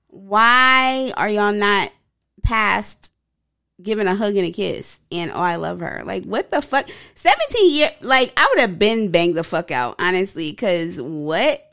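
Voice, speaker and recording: A woman's voice: mid-range voice, big pitch swings, measured pace, a bit bright. A woman co-hosting a podcast in casual chat, blunt and profane, laughing often. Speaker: podcast co-host.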